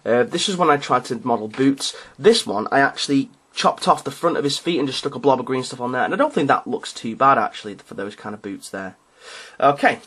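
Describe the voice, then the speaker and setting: A man's voice: mid-range voice, animated, fairly quick, fairly bright tone, husky. A man casually showing off his hobby miniatures, talking in a rambling, hesitant way with frequent ums and restarts, and with an amused, self-deprecating tone. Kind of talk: casual show-and-tell narration.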